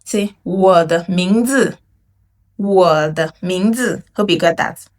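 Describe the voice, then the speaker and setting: Female language teacher, unhurried delivery, drills phrases slowly for repetition. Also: fairly low pitch. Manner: slow, drawn-out model phrases for learners to repeat; explains in English, demonstrates in Mandarin. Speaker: Mandarin teacher.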